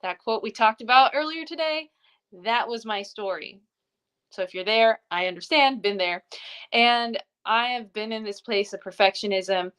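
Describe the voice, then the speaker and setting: A woman's voice: on the high side, normal speed, a bit bright, clear, resonant tone. A woman in her thirties giving an earnest, encouraging coaching talk on a livestream.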